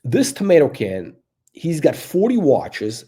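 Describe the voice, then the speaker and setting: A man's voice: on the high side, huge pitch swings, unhurried, mellow. A male watch channel host giving blunt, crude, rambling off-the-cuff commentary.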